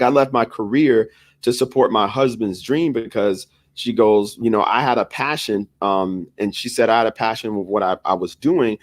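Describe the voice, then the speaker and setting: A man co-hosting a podcast tells a story in loose, casual chat. He brings the people he quotes to life with lively little voices. His voice sits low, and the sound is dry and close. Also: dry recording. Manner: animated, acts out quoted voices. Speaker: podcast co-host.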